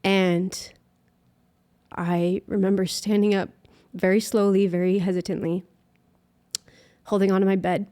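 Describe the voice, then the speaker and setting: A woman's voice: mid-range voice, flat delivery, warm tone. Earnest young woman telling a faith story. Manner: earnest, emotional, halting with many fillers. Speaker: guest musician. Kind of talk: personal faith story in an interview.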